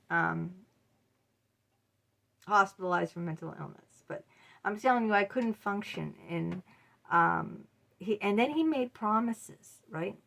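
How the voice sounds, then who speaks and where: A woman's voice: medium pitch, gravelly, bright, forceful tone. A middle-aged woman talking straight to her viewers in a casual advice monologue, blunt and emphatic. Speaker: vlogger.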